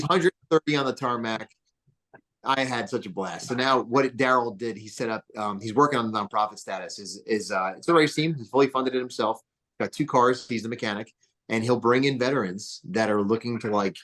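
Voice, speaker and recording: Podcast guest, man, lowish voice, excitable rambler full of fillers. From New Jersey. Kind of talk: casual interview storytelling.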